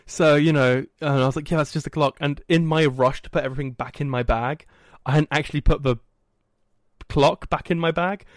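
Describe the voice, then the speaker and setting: A man hosting a podcast, telling a story in a casual, animated and self-mocking way. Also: a little high, fairly quick, no echo. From England. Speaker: podcast host. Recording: dry, poorly set up audio.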